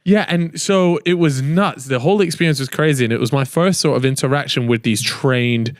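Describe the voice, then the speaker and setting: A man hosting a podcast, throwing easy teasing banter at his guest. His voice is mid-pitched and the close mic leaves it dry, with no room echo. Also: brisk. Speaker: podcast host. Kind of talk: casual podcast chat.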